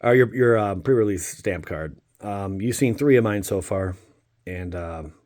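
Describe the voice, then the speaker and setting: A man's voice: fairly low pitch, a little slow, darkish tone. A man hosting a casual card-opening vlog, joking and talking straight to his viewers; he is a father of a young child. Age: adult father of a young child. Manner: playful, jokey, talks to viewers. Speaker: channel host opening card packs.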